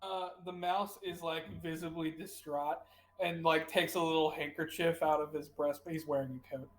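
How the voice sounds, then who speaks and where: A woman narrating as game master of a tabletop game, talking casually and quickly with trailing fillers. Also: low-pitched, steady tone, a little hiss or hum.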